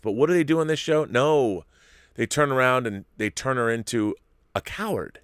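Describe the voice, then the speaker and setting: A man's voice: medium pitch, normal speed, a bit bright, smooth, dry recording, clean studio sound. A man hosting a commentary show, ranting emphatically and animatedly about a series he dislikes. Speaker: host. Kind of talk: opinionated commentary.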